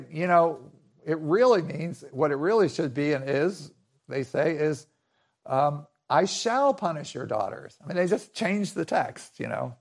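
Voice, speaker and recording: A man preaching a conversational sermon, often restarting and repeating his phrases. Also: on the high side.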